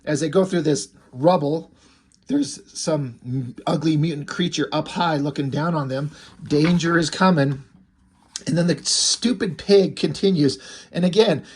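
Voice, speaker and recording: Casual comic reviewer, loose and rambling, amused; mid-high male voice. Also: breathy edge. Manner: rambling, amused, many fillers.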